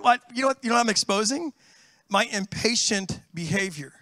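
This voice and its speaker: A middle-aged man preaching a sermon as pastor, telling lively stories and calling out to his congregation. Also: high-pitched, fast talker, no echo. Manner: animated storytelling, calls out to the congregation. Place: church.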